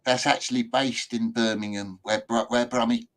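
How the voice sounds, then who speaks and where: A man's voice: mid-range voice, little pitch movement, moderate pace, poor audio. A man from Britain hosts a loose, casual conversation. His delivery is laid-back and chatty, sprinkled with everyday British slang. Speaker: host. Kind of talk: casual chat.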